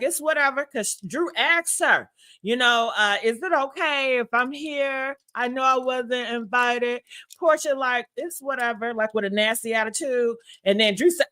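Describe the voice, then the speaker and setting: A woman hosts a casual celebrity gossip livestream, sassy and messy, speaking straight to her viewers and laughing at herself. Her voice is a little high with a sharp tone.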